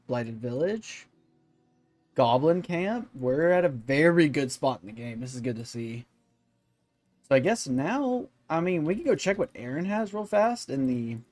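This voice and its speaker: A man's voice: a little high, darkish tone. Rambling male let's-play host. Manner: rambling and thinking aloud, with many fillers. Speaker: gaming channel host.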